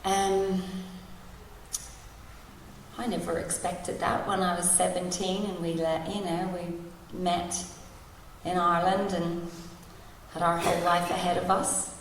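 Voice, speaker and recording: A woman's voice: lowish voice, level tone, takes it slowly, pauses often, slight background noise. A woman in her forties sharing her story at a recovery meeting, candid and wry, laughing through painful memories. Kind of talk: personal share at a recovery meeting. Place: large hall at a convention. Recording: distant, echoey hall recording.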